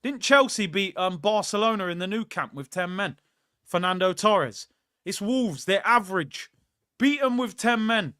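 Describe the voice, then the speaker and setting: A young man rants through a live football watchalong, heated and restless. His voice sits high and comes through smooth and clean. The sound is dry and close to the mic. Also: animated, normal speed, sharp tone, dry recording. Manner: heated, ranting, reads out viewer messages. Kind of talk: live reaction commentary.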